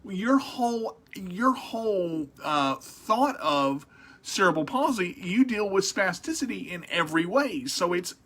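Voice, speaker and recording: A man's voice: sits high, expressive, unhurried, a bit bright, slightly rough. A man hosting a casual radio interview, rambling with frequent restarts and repeated words. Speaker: radio show host.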